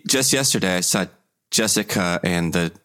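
A man playing a dry, halting roommate. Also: low-pitched, bright, forceful tone. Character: exasperated young male roommate. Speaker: improv performer.

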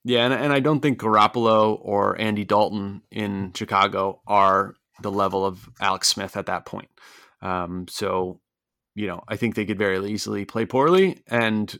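A middle-aged man co-hosting a sports podcast, talking in a relaxed, rambling way full of fillers. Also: lowish voice, moderate pace, no room sound, studio quality. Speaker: podcast co-host. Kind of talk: casual podcast chat.

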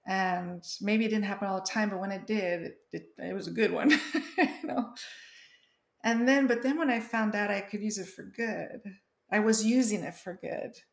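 Woman guest, gravelly voice, thinking out loud, echoey room. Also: mid-range voice, normal speed. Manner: reflective, stammers and restarts. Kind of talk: casual reflective conversation.

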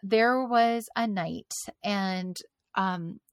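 A woman of middling pitch tells her personal story as a guest in conversation, candid and animated, with frequent laughter. The recording is dry and close, with no room sound. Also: extremely slow, clear, resonant tone, dry recording. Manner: animated and candid, laughs often between phrases. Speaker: podcast guest.

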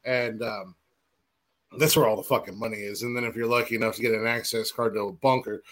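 A man's voice: mid-range voice, fairly even intonation, a little fast, a bit bright. A man co-hosting a podcast in casual chat, laid-back and cursing freely. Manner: laid-back, profane banter. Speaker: podcast co-host.

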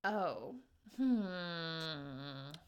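Soft-spoken rambling woman podcast co-host. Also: deep voice, animated, drawn-out words, clean tone. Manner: rambling, many fillers and restarts, soft-spoken. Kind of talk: casual chat.

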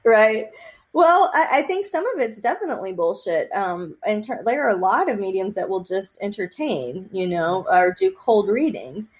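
A woman from Texas, a psychic medium, chatting in an interview and telling lively stories with many fillers and laughs. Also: mid-range voice, moderate pace. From Austin, Texas. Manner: animated storyteller, laughs often, many fillers. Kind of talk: casual interview chat.

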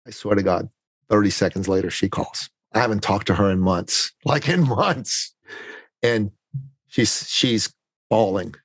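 A middle-aged man with a somewhat low voice, speaking as a podcast guest. He talks earnestly and openly, circling back over his words as he finds them. The recording is close and dry. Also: unhurried, dry recording. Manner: earnest, confessional, repeats words while gathering thoughts. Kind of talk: candid personal storytelling in a podcast conversation.

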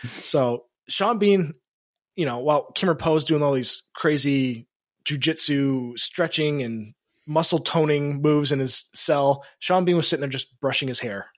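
A man co-hosting a podcast, telling absurd comic stories in a casual, animated way and laughing often. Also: a little high, measured pace, no echo, studio quality. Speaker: podcast co-host. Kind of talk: casual comedic storytelling.

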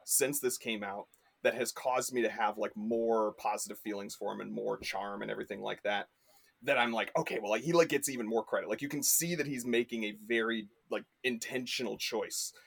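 A man's voice: on the low side, a little fast, creaky, a bit bright, breathy edge. A man chatting as a podcast guest, rambling with lots of fillers and restarts. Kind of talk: casual chat.

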